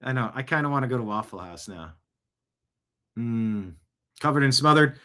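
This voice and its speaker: A man's voice: medium pitch, animated, normal speed, pushed and bright, a little hiss or hum. A middle-aged man hosting a casual news commentary show, reading posts aloud with chuckles and asides. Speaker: host.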